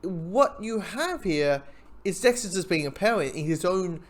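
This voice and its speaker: A TV reviewer giving a casual spoken episode review, excitable and swearing, loudly quoting their own reactions. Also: mid-range voice, unhurried.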